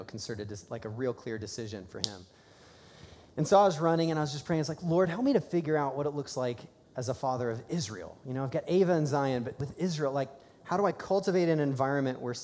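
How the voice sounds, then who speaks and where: Man, pastor, conversational sermon, excited bursts, church service, long hall echo. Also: mid-range voice.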